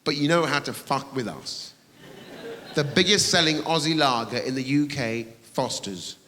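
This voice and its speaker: A man's voice: mid-range voice, moderate pace, sharp tone. A man doing a brash stand-up comedy set, swearing and teasing the audience in a large theatre. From England. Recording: reverberant theatre with audience noise.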